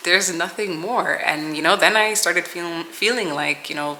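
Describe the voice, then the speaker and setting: A woman's voice: lowish voice, moderate pace, bright, forceful tone, a little hiss or hum, low-quality recording. A young woman vlogger sharing a personal testimony in an earnest, rambling way, full of "like" and "you know.". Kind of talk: personal testimony, casual storytelling.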